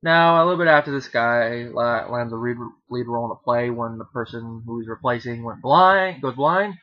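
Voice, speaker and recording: A man's voice: mid-range voice, normal speed, muffled recording. A man giving a casual, rambling film review, often correcting himself mid-sentence and joking.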